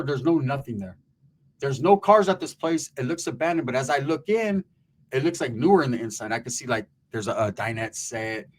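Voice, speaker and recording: Brief: middle-aged man, crude comic storyteller, animated, voice a touch high. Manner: crude, animated, breaks into mock singing. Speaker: comedic storyteller. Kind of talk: profane comedic storytelling.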